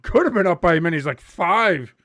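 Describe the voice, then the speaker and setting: A man hosting a live match watch-along in casual chat. He gets excited easily, swears freely, laughs often and shouts at big moments. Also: high voice, a little fast, no room sound, studio quality.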